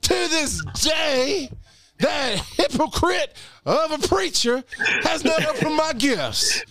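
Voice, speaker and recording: A man's voice: very high voice, expressive, slow, no room sound, voice pushed up, exaggerated voice. A podcast host putting on a comic preacher voice, playing a self-important male pastor who scolds his congregation. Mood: preaching. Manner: pompous, shouting sermon cadence. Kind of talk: comic preacher role-play.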